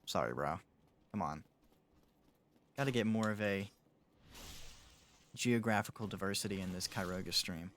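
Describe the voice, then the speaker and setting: A man's voice: low voice, moderate pace, long pauses, a bit bright. A young man streaming a game live, chatting casually with his viewers, answering chat and laughing often.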